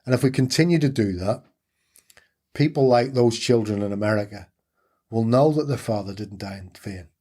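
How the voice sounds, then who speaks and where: A husky, fairly low male voice. He is a middle-aged interview guest telling his own story candidly. He speaks earnestly and repeats phrases to drive a point home. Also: normal speed, dark tone.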